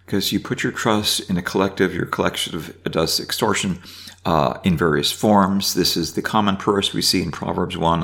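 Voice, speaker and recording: A man's voice: low-pitched, creaky, fairly bright tone. A man giving an informal Bible teaching, reading verses aloud and commenting with frequent restarts. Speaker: preacher.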